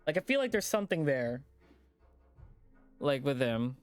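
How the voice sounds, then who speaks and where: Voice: mid-range voice, big pitch swings, a little slow, clear, resonant tone, no echo, soft background music. A streamer reading a visual novel aloud with casual, profane asides.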